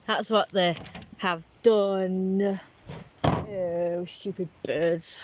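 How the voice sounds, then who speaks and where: A woman's voice: on the low side, steady tone, very slow, darkish tone, dull audio, slight background noise. Swearing chatty woman vlogger. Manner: swearing, chatty, laughing at own jokes. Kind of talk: rambling casual vlog.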